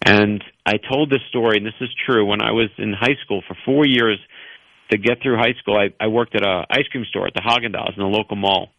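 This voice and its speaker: An earnest, animated man tells personal stories as a guest on a radio show, his voice bright and forceful. It sounds dry and close, with a slightly dull, lo-fi radio tone. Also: mid-range voice, no echo. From New York. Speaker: author guest. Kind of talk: radio interview storytelling.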